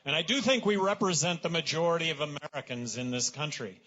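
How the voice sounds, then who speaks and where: A man speaking at a political rally as a candidate, talking in a relaxed, conversational way with fillers and self-deprecating asides. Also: a little high, quick pace, highs cut off. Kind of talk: campaign rally speech.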